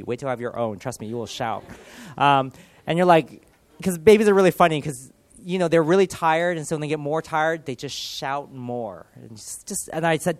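A man in his thirties preaching a sermon, earnest and animated, swinging from loud emphasis to soft, quiet lines. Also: a little high, brisk, no echo. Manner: earnest, animated, with dramatic shifts in loudness. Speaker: pastor.

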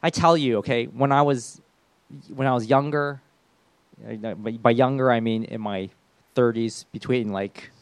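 A man in his thirties preaching a sermon, lively and acting out the voices of the people and of God as he speaks. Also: mid-range voice, measured pace, clean tone, no echo. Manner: animated, acts out voices of God and the congregation. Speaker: pastor.

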